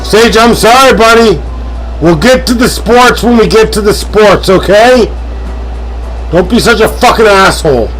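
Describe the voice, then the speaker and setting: A man streaming a strategy game live, ranting, swearing and yelling at an in-game character. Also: sits high, unhurried, faint music behind, rough recording. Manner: yells and swears at an in-game advisor; hotheaded, profane, joking rants.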